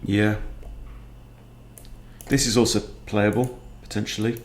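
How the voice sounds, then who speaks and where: A man, a chess coach thinking aloud in a relaxed, understated way as he plays a fast game. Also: fairly low pitch, a little hiss or hum. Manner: muttering, understated, self-talking. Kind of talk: thinking aloud while playing blitz chess.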